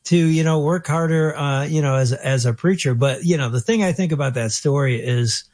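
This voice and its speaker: A man, a pastor, guesting on a radio show and telling a story in an emphatic, animated way. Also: on the high side, moderate pace, no echo, studio quality. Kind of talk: casual radio conversation.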